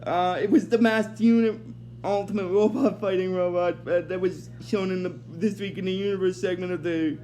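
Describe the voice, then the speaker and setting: High-pitched guy recapping an episode, lots of ums and uhs, keeps saying sorry for rambling. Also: fairly even intonation, moderate pace, mellow, slight background noise. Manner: rambling, hesitant, many fillers, apologetic.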